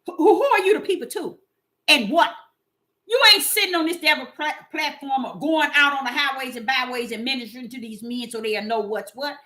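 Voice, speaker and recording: A woman giving animated, preachy casual commentary to her viewers, often repeating words and using fillers. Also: sits high, a little fast.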